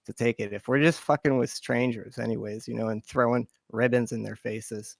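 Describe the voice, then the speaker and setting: Gravelly, jokey man on a podcast. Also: medium pitch, steady tone, fairly quick, no echo. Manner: jokey, laughs often, breaks into goofy put-on voices. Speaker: podcast co-host. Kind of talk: casual chat.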